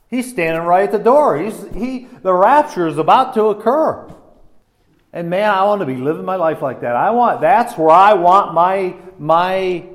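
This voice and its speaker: A man delivers a sermon in a loose, conversational way, often restarting his sentences and poking fun at himself. His voice sits a little higher than most men's. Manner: conversational, self-deprecating preaching with many restarts and fillers. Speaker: pastor.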